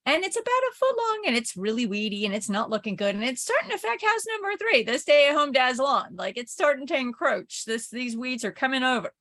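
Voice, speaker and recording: Woman teacher talking casual, kinda high voice, rambly storytelling lecture. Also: very animated, a little fast, hardly any pauses, fairly bright tone. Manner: chatty anecdotal storytelling with frequent "like" and "right?". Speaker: communication professor. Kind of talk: informal recorded lecture.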